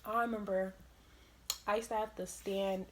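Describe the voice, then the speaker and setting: A young woman vlogger telling casual stories in an animated way, laughing often and swearing freely. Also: mid-range voice, moderate pace, a little hiss or hum. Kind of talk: casual storytime.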